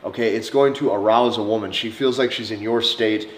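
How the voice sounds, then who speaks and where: A man giving dating advice in a slow, deliberate monologue, softly acting out short example lines. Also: on the low side, fairly even intonation. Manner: slow, deliberate delivery with soft acted-out examples. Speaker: dating coach. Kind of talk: instructional monologue to camera. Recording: echoey room.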